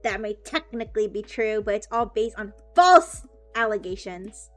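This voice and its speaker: A woman voicing a disgraced male robot fish doctor who speaks in a loud, grandiose and indignant way, with faint music behind. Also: mid-range voice, animated, normal speed, close to an everyday voice. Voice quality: loud projecting voice.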